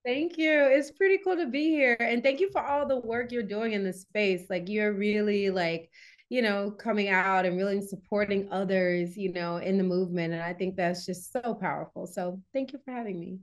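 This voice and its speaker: A woman guest on a podcast, a wellness coach, telling stories in a lively, chatty way with many fillers. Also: medium pitch, normal speed. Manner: lively storyteller, laughs often, many fillers. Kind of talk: casual interview chat.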